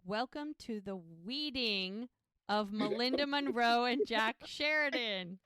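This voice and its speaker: A woman's voice: on the high side, animated, takes it slowly, a bit bright, smooth, no echo, studio quality. A woman co-hosting a podcast, casually recapping a TV episode and retelling each scene while quoting the characters. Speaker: podcast co-host.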